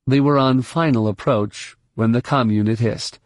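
A man narrating an audiobook in a steady, measured way. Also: medium pitch, no echo, studio quality. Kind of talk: scripted narration.

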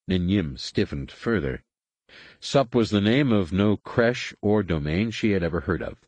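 A man reading a science fiction novel aloud as a narrator, with measured, expressive storytelling. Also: sits low, no echo. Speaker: audiobook narrator. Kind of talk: scripted narration.

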